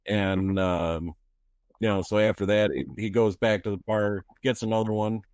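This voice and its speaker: A man playing in a tabletop game, describing his character with halting, filler-heavy talk. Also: fairly low pitch, steady tone, darkish tone, smooth, no room sound, studio quality. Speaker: player. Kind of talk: casual chat.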